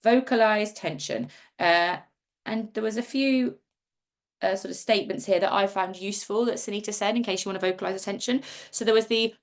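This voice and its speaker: A woman's voice: mid-range voice, expressive, a little fast. A middle-aged woman hosting a live video-call workshop, chatty and self-interrupting, often reading out comments from the chat. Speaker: workshop host.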